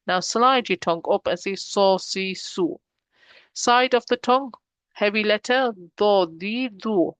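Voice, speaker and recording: A woman teaching a pronunciation lesson, slowly drilling syllables and explaining patiently. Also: mid-range voice, fairly bright tone, dry recording. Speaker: Arabic teacher.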